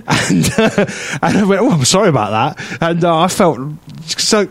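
A man's voice: high voice, lively intonation, moderate pace, vocal fry, hardly any pauses. A man co-hosting a radio show, telling a rambling anecdote in casual chat, full of fillers and restarts. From England. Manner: rambling anecdotal storytelling with frequent fillers and laughs.

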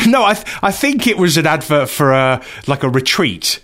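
A man co-hosting a casual radio chat show, telling animated stories and acting out the quotes. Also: on the high side, normal speed. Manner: animated storyteller, acts out quotes. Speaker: radio co-host.

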